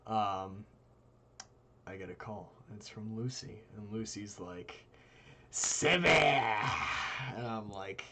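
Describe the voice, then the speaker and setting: Young male co-host, low voice, animated storyteller, faint room noise. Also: takes it slowly. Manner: animated, voices quoted friends with big jumps in pitch. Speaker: live stream co-host. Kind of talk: casual storytelling.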